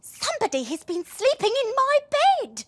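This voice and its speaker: A woman's voice: very high voice, huge pitch swings, normal speed, no echo, pitched above the performer's own voice, heavily acted. A woman voicing a fond, fussing mother in a storybook, doting over her pet.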